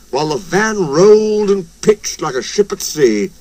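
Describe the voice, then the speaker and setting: A man reads a children's story aloud in an expressive, sing-song style. His fairly high voice rises and falls freely. Every line is read with lively emphasis. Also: measured pace, hardly any pauses. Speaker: narrator. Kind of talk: storybook reading.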